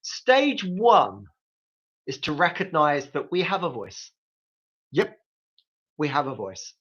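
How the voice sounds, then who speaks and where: Man, grief support host, animated intonation, coaching listeners directly, dull lo-fi live stream sound. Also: on the high side, slow, breathy edge. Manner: coaching, speaks straight to listeners. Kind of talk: live advice talk.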